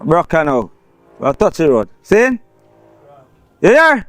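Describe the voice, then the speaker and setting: An actor with a Jamaican accent playing a boastful young robber who bosses and laughs. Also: male voice, on the high side, wildly swooping pitch, slow, fairly bright tone, heavily acted. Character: cocky young male street robber.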